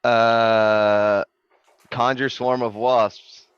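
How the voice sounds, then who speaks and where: A man's voice: mid-range voice, flat delivery, extremely slow, clean tone, dry recording, muffled recording. A man playing a tabletop game, joking with the group and asking rules questions. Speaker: player. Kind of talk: casual tabletop play.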